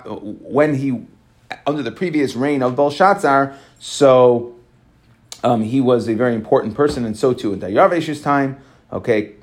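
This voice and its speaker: A man leads a Talmud class at a mid-range pitch. He reads the text briskly and then unpacks it in loose, conversational English, checking in with "right?" and "okay" as he goes. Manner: reads Aramaic quickly, then explains in casual English with many "right?" and "okay". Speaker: Talmud teacher. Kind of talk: Talmud class, reading and explaining.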